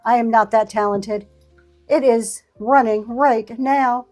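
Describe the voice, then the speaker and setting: A woman's voice: on the high side, steady tone, slow pace, a little mellow, soft background music. A woman running a live online auction stream, chatting casually and thanking buyers by name as she shows vintage items. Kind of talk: live selling stream chat.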